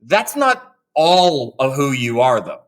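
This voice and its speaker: A man's voice: medium pitch, sing-song, slow. A man co-hosting a podcast, chatting in an upbeat way. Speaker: podcast co-host. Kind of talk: podcast interview.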